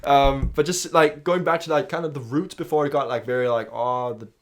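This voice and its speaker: A man's voice: mid-range voice, fairly even intonation, brisk, noisy background. A man co-hosting a podcast in casual chat, making jokey quips and laughing a lot. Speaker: podcast co-host.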